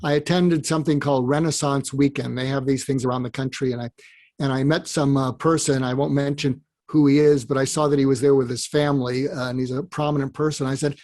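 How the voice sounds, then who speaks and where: A man, a psychiatrist guest on an interview, giving advice in animated storytelling that acts out dialogue. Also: on the high side, fairly quick.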